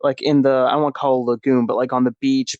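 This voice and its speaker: A man's voice: mid-range voice, flat delivery, fast talker, darkish tone, no room sound, lo-fi sound. A man co-hosting a podcast, reviewing a film in casual, rambling chat. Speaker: podcast co-host.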